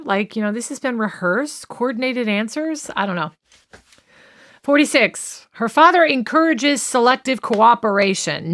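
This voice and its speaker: With a fairly high, fairly bright voice, this true crime podcast co-host moves down a list while chatting, offering opinions and filling the talk with asides and filler words.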